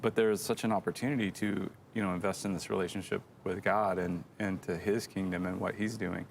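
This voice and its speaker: A man's voice: deep voice, steady tone, brisk, vocal fry, a little hiss or hum. A middle-aged man co-hosting a church show, telling a rambling, self-deprecating story in casual chat.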